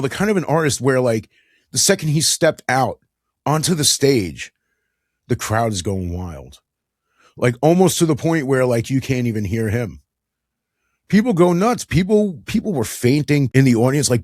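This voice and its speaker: A chatty man talks through a casual solo show with plenty of enthusiasm, chuckling now and then. His voice sits at an ordinary middle pitch. The sound is dry and close, with no room around it. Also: sing-song, moderate pace, dry recording. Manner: enthusiastic, chatty, laughs often. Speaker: podcast host. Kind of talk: casual monologue.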